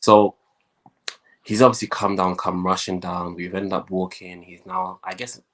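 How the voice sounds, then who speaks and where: A young man with a very low voice tells his own story as a guest. He talks in a lively way and slips into the voices of the people he quotes. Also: normal speed, slight background noise. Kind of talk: telling his life story.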